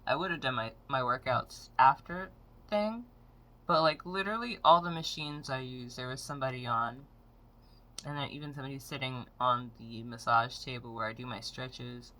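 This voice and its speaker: In a casual rant to camera, a female vlogger in her late twenties swears freely and tells her story with frank exasperation. She has a rumbling low voice, pushed and bright, delivered at a moderate pace.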